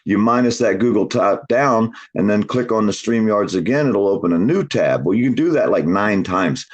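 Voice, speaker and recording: Brief: swaggering, foul-mouthed male storyteller, casual chat, pitch rises and falls a lot. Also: moderate pace, husky. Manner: profane, boastful storyteller who laughs often; lively, swinging delivery.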